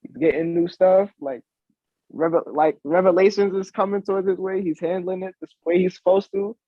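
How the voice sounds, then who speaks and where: A man's voice: high voice, fairly even intonation, moderate pace, no room sound, highs cut off. A man chatting casually in a laid-back way as a co-host. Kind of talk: casual chat.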